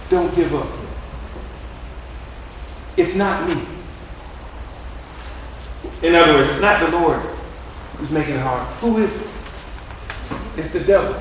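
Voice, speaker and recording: A man preaching a sermon in a conversational style, repeating his phrases and swinging between loud and quiet. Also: on the high side, unhurried, pauses often, a little hiss or hum. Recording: echoey room from a distant mic.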